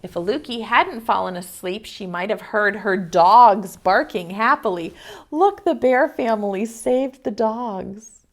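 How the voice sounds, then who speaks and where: A woman's voice: mid-range voice, a little slow. A woman preschool teacher in an online video class, reading a picture book aloud expressively and asking the children questions.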